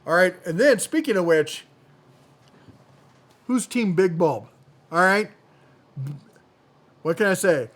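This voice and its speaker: A man's voice: high voice, lively intonation, measured pace, pauses often, a bit bright. A man hosting a tool deals channel, running through product deals in a chatty, jokey way and often correcting himself mid-sentence. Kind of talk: casual product deal rundown.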